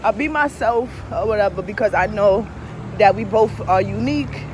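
A young woman talks straight to her viewers in loose, candid storytelling, swearing freely and laughing as she goes. Her voice sits at an ordinary middle pitch but leaps up high and sinks low with the story. Faint traffic noise carries from outside. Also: normal speed. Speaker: vlogger. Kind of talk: candid casual storytelling to camera.

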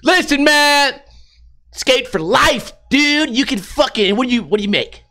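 A man voicing a defiant teenage boy skater who shouts profane taunts. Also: extremely high pitch, expressive, unhurried, voice pushed up, full character voice. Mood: belligerent.

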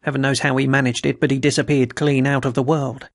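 A man voicing a brisk, authoritative male intelligence chief in a story reading. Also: medium pitch, level tone, creaky, dry recording, clean studio sound, natural voice.

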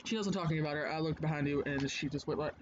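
A man's voice: fairly high pitch, very fast. A man hosting a let's play from home, chatting loosely and swearing freely as he comments on the game. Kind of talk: casual gameplay commentary. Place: home, indoors. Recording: dull lo-fi mic with clear noise.

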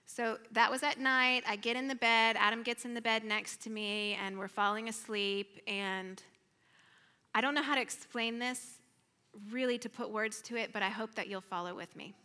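A woman's voice: on the high side, steady tone, moderate pace, bright, forceful tone, clean tone, in a large hall. A woman sharing a personal testimony in a sermon at church, earnest and emotional, sometimes sinking to a near-whisper. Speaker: church speaker. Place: church sanctuary.

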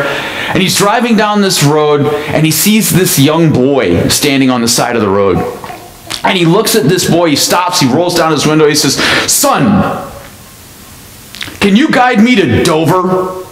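A man's voice: a little high, moderate pace. Man preaching in an echoey church. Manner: storytelling, conversational and lively. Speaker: pastor. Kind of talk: sermon. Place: church sanctuary. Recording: echoey church hall with faint noise.

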